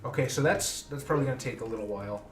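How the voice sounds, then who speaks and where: A man's voice: medium pitch, very fast, far from the mic. A man narrating as game master, casual and a bit profane. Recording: roomy echo with faint music.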